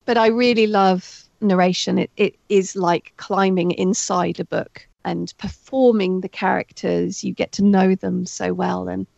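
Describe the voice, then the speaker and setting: A woman getting over a heavy cold, talking as a guest in a casual interview over a remote call, chatty and excitable and laughing often. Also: medium pitch, measured pace, gravelly, hardly any pauses, no echo, muffled recording. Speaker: guest, author and audiobook narrator.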